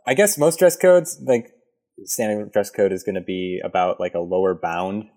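A man's voice: deep voice, normal speed, mellow. A man co-hosting a podcast, chatting casually and joking, laughing often. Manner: joking, laughs often, puts on silly voices. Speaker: podcast co-host. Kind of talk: casual chat.

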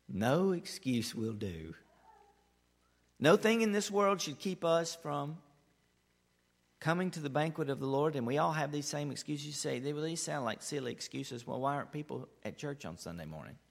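A man preaching a sermon, his delivery swinging between loud, eager stretches and hushed, quiet lines. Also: a little high, expressive, normal speed, vocal fry, long reverb tail. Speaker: pastor.

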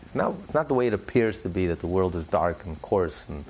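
A man teaching religious ideas in an interview, preacherly, rising sharply in pitch for emphasis and telling stories with acted voices. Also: expressive, a little fast, darkish tone, a little hiss or hum, rough recording.

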